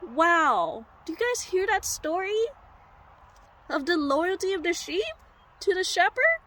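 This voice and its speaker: Brief: woman preacher, high voice, animated heartfelt sermon storytelling. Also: unhurried. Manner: animated, heartfelt, direct to listeners.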